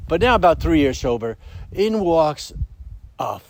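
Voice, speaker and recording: Middle-aged guy telling a funny story at a recovery meeting, voice on the higher side, swears, does the voices. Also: a little slow, no room sound. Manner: animated storyteller, acts out quoted voices, swears. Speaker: speaker sharing at a recovery meeting. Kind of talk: casual storytelling share.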